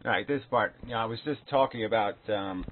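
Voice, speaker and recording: A man's voice: on the low side, fast, slight background noise. A man recording an angry, profane, sarcastic response video, picking apart another man's claims. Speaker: video commentator. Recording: tinny phone-like sound.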